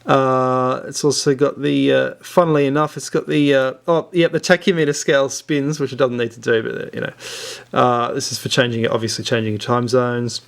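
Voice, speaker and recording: A man's voice: mid-range voice, fairly even intonation, normal speed, vocal fry. A man hosting a casual watch review vlog, rambling along with many fillers and restarts. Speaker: watch reviewer, channel host.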